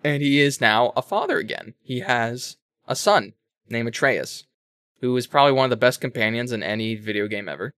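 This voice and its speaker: A man co-hosting a casual talk show, retelling a story in a rambling, animated way with self-corrections and swearing. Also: mid-range voice, a little fast, clear, resonant tone, dry recording, studio quality. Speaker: podcast co-host explaining a game. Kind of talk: casual chat.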